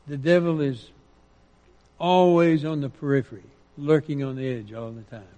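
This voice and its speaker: A man preaching a sermon, quoting scripture with rising emphasis and dropping into quiet asides. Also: on the high side, fairly even intonation, normal speed, in a large hall, lo-fi sound.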